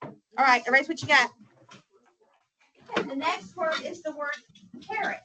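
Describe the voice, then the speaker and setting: A woman with a high voice teaches spelling in a classroom. She is patient and coaxing and often prompts with a soft mm-hmm. Light background noise runs under the recording. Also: normal speed, poor audio. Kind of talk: spelling lesson.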